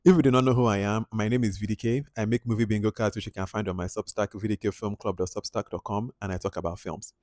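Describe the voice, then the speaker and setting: A man's voice: on the low side, fast talker, few pauses, no echo, clean studio sound. A man giving a casual, chatty movie review, talking animatedly and filling his sentences with "like". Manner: chatty, animated, heavy use of "like". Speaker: film reviewer.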